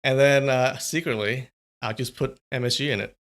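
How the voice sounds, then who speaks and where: Chatty young man with a gravelly voice. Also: medium pitch, fairly even intonation, moderate pace, a bit bright. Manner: chatty, rambling, answers chat. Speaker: streamer. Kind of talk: casual live-stream chat.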